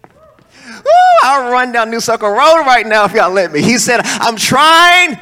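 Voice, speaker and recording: A male preacher, preaching a sermon and swinging between soaring calls and low, joking asides. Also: fairly quick, pushed and bright, clean tone. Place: church hall. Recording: long hall reverb.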